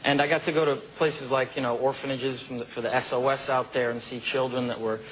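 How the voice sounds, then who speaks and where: Relaxed, animated man telling stories. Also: medium pitch, a little fast, slight background noise, poor audio. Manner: relaxed, animated storytelling with fillers like "you know" and "man". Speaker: actor, interview guest. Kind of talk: casual interview storytelling.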